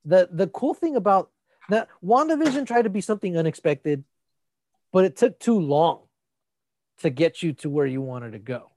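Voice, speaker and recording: A man with a fairly high voice and dry, close sound chats loosely about shows. He restarts often and swears freely, at an easygoing pace. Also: normal speed, no echo. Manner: relaxed, loose, swears freely, repeats words. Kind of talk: casual chat.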